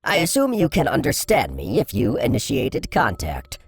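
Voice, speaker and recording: A man's voice: mid-range voice, wildly swooping pitch, normal speed, vocal fry, background noise, voice pushed up. A man voicing a friendly, sassy alien robot with a light digital voice in an audiobook. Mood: playful. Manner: light-hearted, playful. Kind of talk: audiobook character voice.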